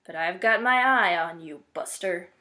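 A woman's voice: fairly low pitch, a little slow, pushed and bright, pitched below the performer's own voice. A woman voicing a bold little girl bunny who talks in a dry, tough, sarcastic way. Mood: defiant.

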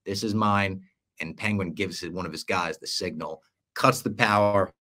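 Animated man recapping a TV episode. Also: sits low, normal speed. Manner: animated storyteller, acts out the lines he quotes. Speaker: podcast host. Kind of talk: casual chat, recapping a TV episode.

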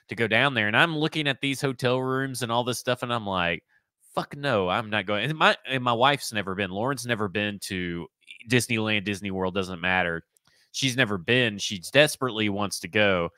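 A man's voice: lowish voice, pushed and bright, no room sound. A man co-hosting a sports podcast, chatting casually in a laid-back way and laughing easily. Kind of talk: casual chat.

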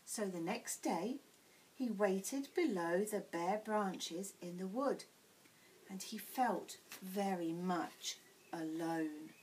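A woman teacher reading a children's picture book aloud in a clear, expressive bedtime-story way. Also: medium pitch, slow pace, slight background noise, poor audio. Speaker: primary school teacher.

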